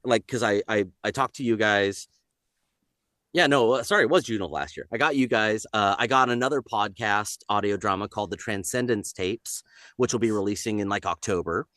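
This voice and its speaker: A man's voice: fairly low pitch, a little fast, no room sound, clean studio sound. A man, a voice actor, talking casually on a podcast and breaking into voices. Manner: animated, jumps into voices.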